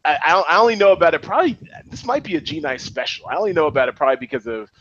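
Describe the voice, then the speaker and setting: A man co-hosting a podcast, talking about movies in an animated way and restarting his sentences often. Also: on the high side, very fast, muffled recording, a little hiss or hum. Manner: animated, excitable, many restarts. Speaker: podcast co-host. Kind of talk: casual film chat.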